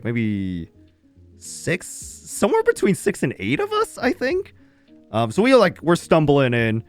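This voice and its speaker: Young man, streamer, casual storytelling, swears a lot, laughs often, very lively pitch, faint music behind. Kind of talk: casual storytelling to a live chat.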